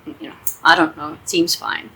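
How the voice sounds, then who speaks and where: A woman's voice: deep voice, steady tone, moderate pace, pushed and bright, breathy edge, exaggerated voice, low-quality recording. A woman voicing an old country cowgirl woman, blunt and offhand.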